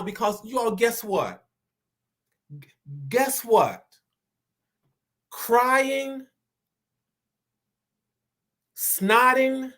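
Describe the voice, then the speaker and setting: An inspirational speaker with a medium-pitched, fairly bright voice gives a motivational, sermon-style talk. He stammers and repeats words, slowing down for emphasis as he builds like a preacher toward emphatic declarations.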